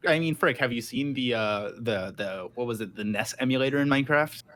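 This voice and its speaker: A man on a tech podcast explaining things haltingly in casual chat. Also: mid-range voice, fairly bright tone. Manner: halting, many restarts. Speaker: podcast co-host.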